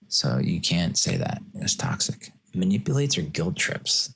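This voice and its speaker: Man, podcast host, very deep voice, casual rambling monologue, joking, frequent chuckles. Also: huge pitch swings, measured pace, vocal fry, a bit bright, husky.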